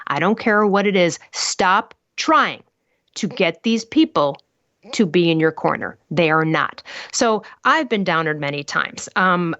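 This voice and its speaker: A woman's voice: lowish voice, no echo. A woman talking as a guest on an interview podcast, telling stories bluntly and emphatically, full of rhetorical questions. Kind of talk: animated interview talk. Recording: muffled dry podcast audio.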